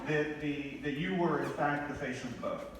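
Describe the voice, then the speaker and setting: Audience member, male, halting question, distant in an echoing hall, background noise. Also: fairly high pitch. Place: large convention hall. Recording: echoey hall, voice from far off.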